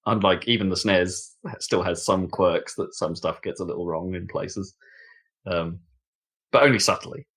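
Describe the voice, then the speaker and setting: A man co-hosting a casual gaming podcast, chatty and quick to laugh, often trailing off and restarting. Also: sits low, a bit bright, slightly rough. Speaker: podcast co-host. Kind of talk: casual chat.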